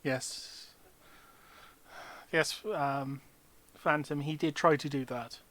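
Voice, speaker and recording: A man's voice: a little high, steady tone, slow pace, a bit bright. A man acting as dungeon master, chatting casually and telling jokey, rambling stories between game turns. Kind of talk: casual chat while running a tabletop game.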